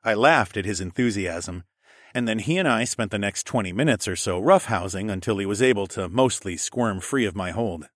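Low-voiced man narrating an audiobook. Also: normal speed, dry recording, clean studio sound. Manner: lively, playful character dialogue. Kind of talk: first-person audiobook narration.

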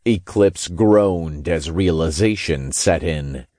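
A man narrating a first-person novel in a steady storytelling manner with casual swearing. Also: low voice, takes it slowly, dry recording, clean studio sound. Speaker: audiobook narrator.

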